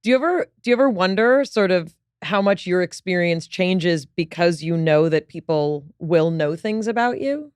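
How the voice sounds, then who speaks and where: A woman's voice: lowish voice, expressive, moderate pace, few pauses, a little mellow, clean tone, dry recording, studio quality. A woman hosting a casual interview, asking curious, probing questions and laughing easily. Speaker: podcast host. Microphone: studio mic.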